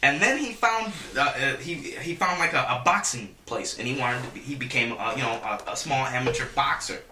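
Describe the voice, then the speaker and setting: A man in casual chat with friends, telling a story in an excitable, animated way with lots of swearing. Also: mid-range voice, brisk, echoey room, far from the mic, slight background noise.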